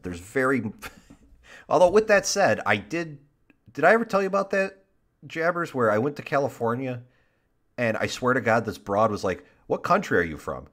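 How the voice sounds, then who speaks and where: A man's voice: medium pitch, sing-song, moderate pace, fairly bright tone. A man from Michigan co-hosting a live stream, chatting casually, swearing and laughing often. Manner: laughs a lot, swears, joking. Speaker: stream co-host.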